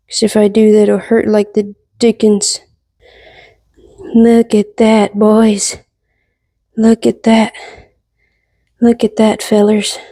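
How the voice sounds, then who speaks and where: A cooking vlogger with a medium-pitched voice hosts a casual tutorial, playful and joking with her viewers and occasionally dropping into a soft whisper.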